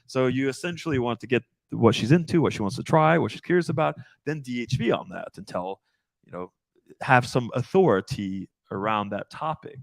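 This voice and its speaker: Male podcast host and dating coach, lively intonation, blunt and profane. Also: mid-range voice, a little fast, gravelly, no echo. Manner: profane, animated, frequent fillers. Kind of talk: casual podcast chat.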